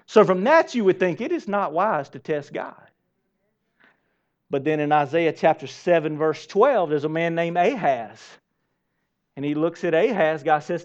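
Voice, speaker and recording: A man preaching a sermon to a church congregation, lively and asking them direct questions. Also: a little high, normal speed. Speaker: pastor. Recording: dull lo-fi sermon recording.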